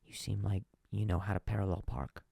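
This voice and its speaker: A man voicing a male massage parlor worker who talks in a low, conspiratorial whisper, in a whispered role-play. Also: level tone, brisk, creaky, mellow, husky, dry recording, heavily acted.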